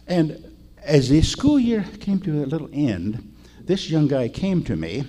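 A man's voice: a little high, very animated, normal speed, dark tone. An older man preaching in a chatty, storytelling way, often asking his listeners questions. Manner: folksy, chatty, asks the audience. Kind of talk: storytelling sermon.

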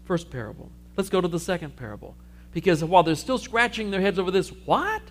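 A man preaching a sermon, telling a parable with lively storytelling and acting out the characters' lines. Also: high-pitched, fast talker. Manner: animated storytelling, acting out sheep and Jesus. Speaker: pastor.

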